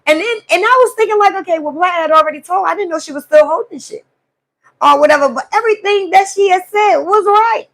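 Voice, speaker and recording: High-voiced woman venting. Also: fast talker. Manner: animated, profane storytelling to a live chat. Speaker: live stream host. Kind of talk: casual venting monologue.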